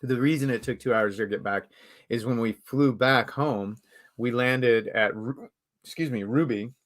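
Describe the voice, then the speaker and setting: A man hosting a casual live-stream chat, talkative and quick to laugh. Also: medium pitch. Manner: chatty, laughs easily. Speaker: live show host.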